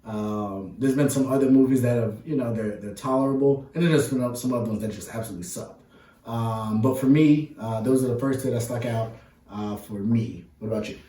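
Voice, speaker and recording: A man co-hosting a casual movie review chat, talking in a playful way with long drawn-out fillers. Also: mid-range voice, mellow, recorded from a distance. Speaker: podcast co-host. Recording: roomy, mic set back.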